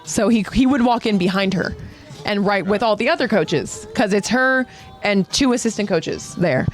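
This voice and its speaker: Woman co-host, lively casual storyteller who swears and plays out the quotes; soft music under her. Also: mid-range voice, moderate pace. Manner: animated, swears freely, acts out quotes. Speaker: podcast co-host.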